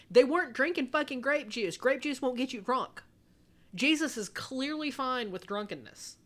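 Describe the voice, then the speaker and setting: A woman co-hosting a podcast in casual chat, animated and quick to laugh, swearing freely. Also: high voice. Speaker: podcast co-host.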